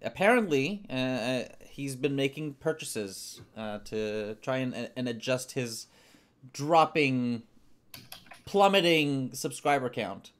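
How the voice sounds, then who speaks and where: A man's voice: mid-range voice, animated, slow pace. Man, stream host, teasing, mid-range voice, casual. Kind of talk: casual live-stream chat.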